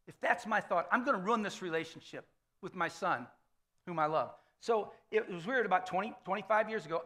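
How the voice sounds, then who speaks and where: A man's voice: sits high, a bit bright. A man in his fifties preaching a sermon as a pastor, telling stories in a conversational way and often checking in with the room. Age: 50s. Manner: conversational storytelling sermon, frequent "okay?" check-ins. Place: church sanctuary.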